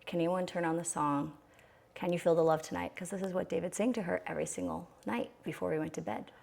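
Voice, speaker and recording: Low gravelly woman, candid and reflective. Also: steady tone, fast, a little mellow. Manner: candid, reflective, many restarts. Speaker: guest sharing her birth story. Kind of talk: conversational storytelling.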